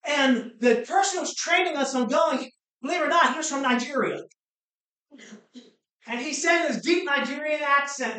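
A woman pastor preaching a sermon, swinging between fervent shouts and quiet, low asides. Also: moderate pace. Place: church sanctuary. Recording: very echoey hall, mic far off.

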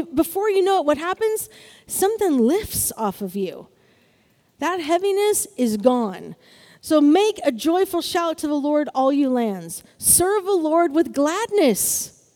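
A woman's voice: high voice, big pitch swings, unhurried, darkish tone, in a large hall. A woman preaching a sermon in an upbeat way, often asking the congregation "Amen?".

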